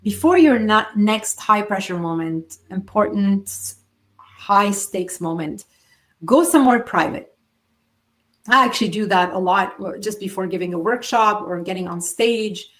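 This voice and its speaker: A woman hosting a solo motivational podcast, speaking in an earnest coaching tone with emphatic pauses. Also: medium pitch, fairly bright tone. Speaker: podcast host.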